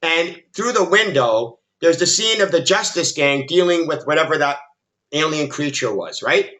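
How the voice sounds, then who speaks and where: A man with a high, bright voice rants about a movie, exasperated and emphatic. His pitch swings widely as he talks, and he keeps stumbling and restarting his sentences. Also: expressive, normal speed. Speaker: film commentary YouTuber. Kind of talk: ranting movie critique monologue.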